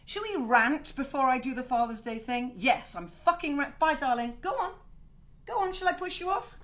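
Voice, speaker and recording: Lively, bright-voiced woman. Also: high-pitched, normal speed. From Wales. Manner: chatty, swears a lot, animated asides to her cat. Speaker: singer-songwriter hosting her own online show. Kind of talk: casual home video chat. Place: home, indoors.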